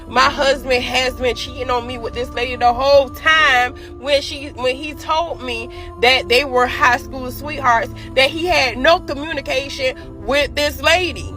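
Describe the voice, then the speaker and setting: A woman telling her own story in a casual, animated way, speaking straight to her viewers. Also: high voice, measured pace, hardly any pauses, over music.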